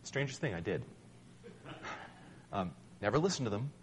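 Man in front of an audience telling his own story, wry and self-deprecating, lower voice, faint hum behind. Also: big pitch swings, moderate pace. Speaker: speaker sharing a personal testimony. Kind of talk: storytelling talk.

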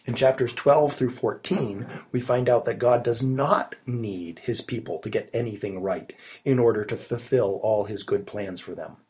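A man's voice: medium pitch, normal speed, hardly any pauses, a little mellow, breathy edge. A man preaching a sermon, recorded alone in his study while he has a cold, earnest and emphatic with rising stresses. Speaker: pastor.

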